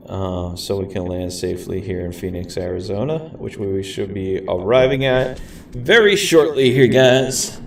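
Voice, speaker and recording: A laid-back flight sim streamer with a gravelly, deep voice rambles through casual gameplay commentary, tossing in "man" and "guys." He grew up in a city, and the audio comes from an echoey room with the mic far off and a faint hiss.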